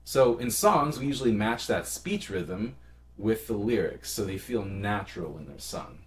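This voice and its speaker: A man's voice: lowish voice, expressive, normal speed. A man casually explaining song melody and lyric stress as a music teacher, in a friendly, conversational way. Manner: explains in a friendly, conversational way and sings short phrases.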